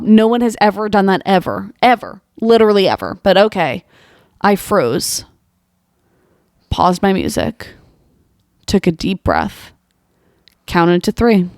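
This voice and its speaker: A woman's voice: mid-range voice, very animated, measured pace, long pauses, darkish tone, no echo, clean studio sound. A young woman hosting a comedy monologue show, reading social media posts aloud and reacting with exasperated, incredulous rhetorical questions. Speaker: podcast host.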